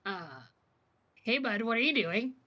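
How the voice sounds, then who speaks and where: A woman's voice: fairly high pitch, expressive, unhurried, bright, forceful tone. Hesitant woman role-playing as a player. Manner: hesitant, stammering. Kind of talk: in-character tabletop role-play.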